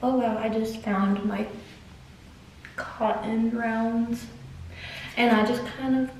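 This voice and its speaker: A woman's voice: a little high, fairly even intonation, slow pace, a little mellow, distant mic, slight background noise. A young woman, chatting casually through her skincare routine as a vlogger. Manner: laid-back, talks through each step. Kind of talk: casual chat. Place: hotel room. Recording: very echoey room.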